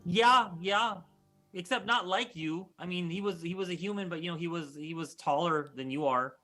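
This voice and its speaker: A jittery young street boy, as a man puts him on, pitched well above the actor's own voice and tripping over every answer. The voice is bright and a touch forceful, with quiet music underneath. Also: normal speed. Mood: nervous. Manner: stammering, flustered.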